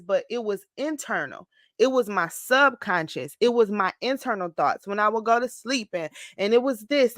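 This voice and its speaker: A woman around forty talking through a casual confessional vlog, expressive and emotional, close to tears at times. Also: on the high side, no room sound. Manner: expressive, slips into mock-whiny voices when quoting her past self. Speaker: vlogger.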